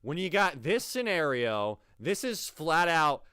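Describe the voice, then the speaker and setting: A man reacting to clips in casual commentary, his voice swinging widely as he swears in disbelief. The sound is smooth and resonant, close and dry with no room around it. He keeps breaking into laughter and exasperated asides. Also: fairly high pitch, big pitch swings, a little slow, sharp tone, dry recording. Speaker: reaction video host.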